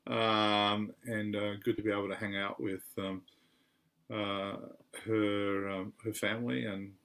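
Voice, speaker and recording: An Australian man talks in a relaxed podcast chat, his voice sitting on the low side. He speaks haltingly, circling back with ums and restarts as he gathers his thoughts. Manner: halting, with many fillers and restarts. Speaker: podcast co-host. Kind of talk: casual chat.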